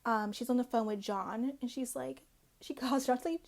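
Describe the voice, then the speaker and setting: Chatty woman with a gravelly fry. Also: fairly high pitch, steady tone, moderate pace, a little mellow. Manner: chatty, peppered with "like" and "um". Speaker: reality TV recap host. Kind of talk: casual recap chat.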